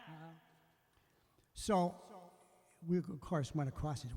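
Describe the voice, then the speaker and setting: A man's voice: fairly high pitch, moderate pace, pauses often, breathy edge, long reverb tail. An older man, a musician host, telling a rambling story casually, breaking off and voicing the people he quotes. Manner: rambling, self-interrupting, quotes others in lively voices.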